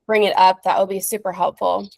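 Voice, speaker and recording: A woman travel agent talking to clients on a video call, upbeat and chatty. Her voice is close and dry with no room sound, at a middle pitch. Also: little pitch movement, fairly quick, vocal fry, a little mellow, no room sound. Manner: upbeat, chatty, acts out little scenarios.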